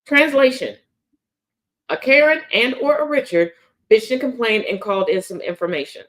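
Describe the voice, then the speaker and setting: A woman's voice: fairly high pitch, animated, moderate pace, fairly bright tone. A woman hosting a daily news commentary show, talking bluntly and sarcastically with plenty of profanity. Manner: taunting, confrontational. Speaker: host.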